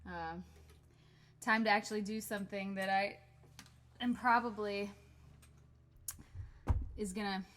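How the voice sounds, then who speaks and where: A woman's voice: medium pitch, steady tone, measured pace, pauses often, a bit bright. A woman hosting her band's livestream from home, chatting casually with lots of laughs and fillers, recorded on a webcam. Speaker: band member hosting a livestream.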